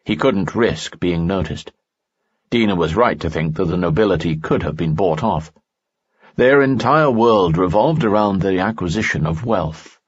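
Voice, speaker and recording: Deep husky male audiobook narrator. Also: moderate pace, no room sound, highs cut off.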